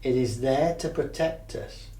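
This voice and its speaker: This mindfulness teacher has a medium-pitched, dark voice and speaks a little slowly. He guides the group session conversationally, frequently confirming they're keeping up, captured by a far-off mic in an echoey space.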